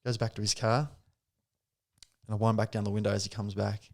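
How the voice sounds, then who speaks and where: A young Australian man, a podcast guest, telling a story in casual chat with lively laughs and acted-out quotes. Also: on the low side, a little fast.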